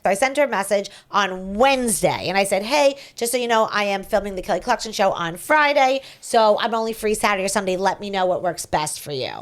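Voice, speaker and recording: A woman's voice: mid-range voice, brisk, hardly any pauses. Chatty woman host telling a story. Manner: animated storytelling, acts out quoted messages. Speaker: podcast host. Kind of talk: casual chat.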